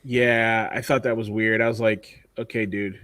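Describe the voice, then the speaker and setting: A man's voice: mid-range voice, little pitch movement, a little slow, a bit bright, no room sound. A man co-hosting a podcast in casual chat, blunt and profane, rambling with lots of fillers. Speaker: podcast co-host.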